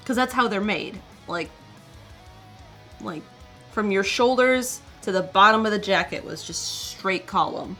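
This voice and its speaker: A woman's voice: medium pitch, measured pace, sharp tone, faint music behind. A woman co-hosting a casual chat show, adding details and finishing her partner's sentences. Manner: chatty, adds details and finishes his sentences. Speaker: co-host.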